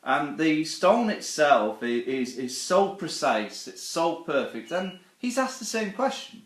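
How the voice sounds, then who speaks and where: A man gives a live online presentation in an earnest, storytelling manner and often turns to his listeners with rhetorical questions. His voice sits a little higher than most men's. The room around him adds a noticeable echo. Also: very animated, a little slow, hardly any pauses. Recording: roomy echo.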